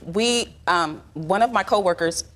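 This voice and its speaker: A woman in her forties telling her side in a TV courtroom, animated and chatty, explaining at length. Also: fairly low pitch, measured pace, over a noisy crowd. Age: 40s. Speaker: litigant. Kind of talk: storytelling testimony. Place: TV courtroom studio.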